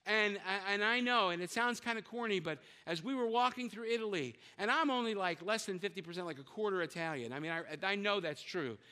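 A man's voice: sits high, brisk, hardly any pauses, bright, forceful tone, smooth, big-room sound. An older man preaching a sermon as pastor, talking in a conversational way with joking asides and often repeating words as he searches for them.

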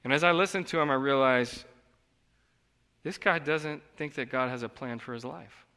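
A man preaching a sermon in an earnest, conversational way, moving between quiet reflection and emphatic outbursts, in a church. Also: mid-range voice, normal speed, clear, resonant tone, big-room sound. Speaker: pastor. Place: church sanctuary.

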